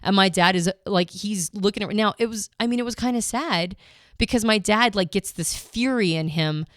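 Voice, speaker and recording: A woman's voice: medium pitch, normal speed, a bit bright, no echo, clean studio sound. A woman co-hosting a podcast, casually retelling a personal story, emotional and full of restarts and asides. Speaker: podcast co-host.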